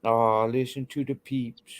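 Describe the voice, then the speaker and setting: A woman hosting a livestream rants angrily at her chat, blunt and heated and swearing constantly. Her voice is bass-deep, with a steady tone and a measured pace.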